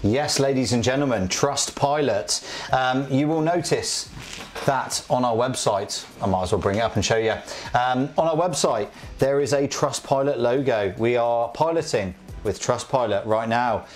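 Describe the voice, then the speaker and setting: Male co-host, medium-pitched, chatty and cheeky with a jokey edge. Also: normal speed, soft background music. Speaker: co-host of a live prize draw. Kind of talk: casual live-stream chat.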